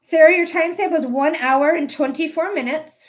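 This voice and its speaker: High-voiced woman doing a psychic livestream. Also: moderate pace. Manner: affectionate toward viewers, calls them my love; rambling, with many fillers and restarts. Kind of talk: casual livestream chat and psychic reading.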